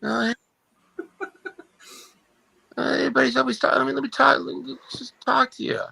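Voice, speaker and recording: A man's voice: very high voice, flat delivery, creaky, bright, forceful tone, slightly rough, voice pushed up, full character voice, rough recording. A man voicing a rambling, confused elderly male politician who halts and repeats himself. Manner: halting, repeating words, pleading.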